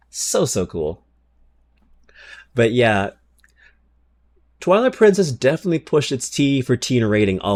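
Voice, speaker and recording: A man's voice: on the low side, a little mellow. A man streaming live who chats casually with his viewers, swears freely, and reads game card text aloud. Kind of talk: casual livestream chat.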